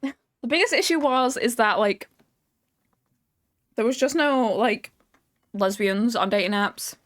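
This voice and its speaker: Woman, young adult, streamer, casual chat, swears a lot, laughs often, fairly high voice. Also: measured pace.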